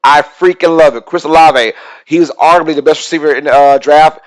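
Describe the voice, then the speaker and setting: A man hosting a casual live-stream sports talk show, excitable and reading out chat comments as he goes. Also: on the high side, a little fast, low-quality recording.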